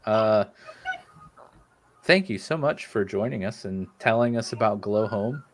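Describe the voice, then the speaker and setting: A man's voice: fairly low pitch, unhurried, background noise. A man hosting a podcast, talking casually in a rambling, jokey way full of fillers, with the hiccups. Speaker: podcast host.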